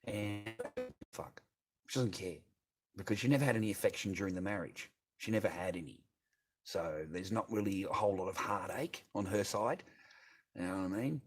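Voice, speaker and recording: A man's voice: deep voice, fairly quick, slightly rough. A middle-aged Australian man talking on a casual livestream, bitter and rambling, swearing constantly as he answers his chat.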